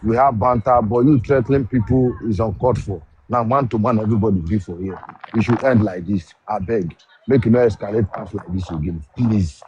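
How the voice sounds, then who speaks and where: A Nigerian man speaks in a low, mellow voice, calm and pleading for peace on a live phone stream. A faint hiss is under the voice. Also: a little fast, lo-fi sound. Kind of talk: casual live-stream talk.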